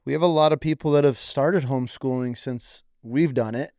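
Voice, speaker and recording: A man's voice: mid-range voice, normal speed, a little mellow, dry recording, clean studio sound. Laid-back, blunt man host. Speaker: podcast host. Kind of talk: casual chat.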